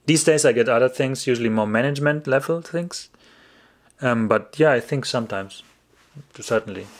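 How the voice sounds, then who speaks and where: On a laid-back livestream, a man responds to chat in English at normal speed. His pitch is average for a man, and his talk is rambling, peppered with laughter and half-finished sentences.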